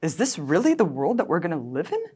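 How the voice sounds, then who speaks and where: A woman with a notably low voice speaks as an interview guest. She talks with fierce, indignant passion. Her emotion runs close to the surface and at times nears tears. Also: very animated, quick pace, warm tone, slightly rough. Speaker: guest, documentary filmmaker.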